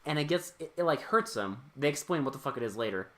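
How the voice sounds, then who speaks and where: A man co-hosting a podcast, retelling a film's plot in casual, profane chat with quick quoted lines. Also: a little high, lively intonation, a bit bright. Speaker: podcast co-host. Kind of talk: casual movie recap chat.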